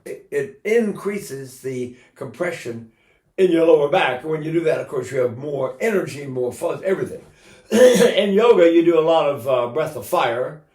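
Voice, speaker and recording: A man's voice: fairly high pitch, moderate pace, a little mellow, roomy sound. An older man teaching singing in a casual, rambling way, breaking into sung vowels to demonstrate.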